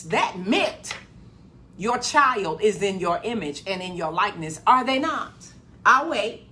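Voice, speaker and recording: A woman giving a live-streamed motivational talk in a preachy call-and-response way, repeating her phrases and swinging from loud excitement to a low voice. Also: unhurried, slight background noise. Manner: gets loud with excitement, then drops low. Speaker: motivational speaker.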